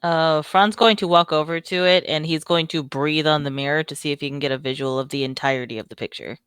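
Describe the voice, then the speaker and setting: A woman plays a tabletop game in a casual, chatty way, describing what her character does. Her voice is very low, and the sound is dry and close. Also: steady tone, fast, a bit bright, clean tone, no room sound. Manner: chatty, narrates her character in third person. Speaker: player.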